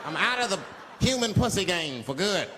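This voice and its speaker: A man doing a stand-up comedy routine, telling a story in an animated way and acting out characters with shouts. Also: high voice, normal speed. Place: comedy stage before an audience. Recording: live stand-up set with noisy room and audience ambience.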